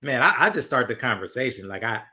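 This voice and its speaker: A man hosting a casual interview, asking questions in a relaxed way. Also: medium pitch, fast talker. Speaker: podcast host.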